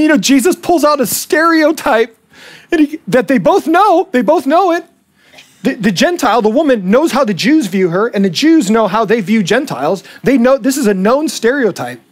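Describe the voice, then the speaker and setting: A male pastor delivers a sermon in a high, lively voice. He is animated and switches into quoted voices as he goes. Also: normal speed.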